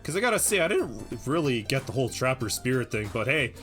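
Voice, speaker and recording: A man voicing a nosy, chipper young man in a squeaky falsetto in a dating-sim game. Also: sing-song, fast, fairly bright tone, faint music behind.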